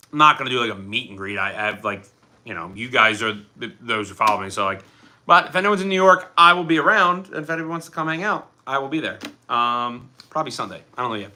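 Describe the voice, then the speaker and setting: A Philadelphia man with a Philly accent and a sharp, medium-pitched voice hosts a casual livestream. He chats loosely, rambles, and reads out viewer comments.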